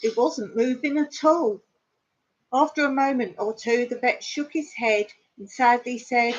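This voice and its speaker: Woman doing a laid-back live chat from home, slow, chatty, muffled lo-fi sound. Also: fairly high pitch. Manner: unhurried, chatty, clears her throat. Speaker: live stream host. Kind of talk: casual live chat and joke-telling. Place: home in the countryside. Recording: dull lo-fi live stream audio.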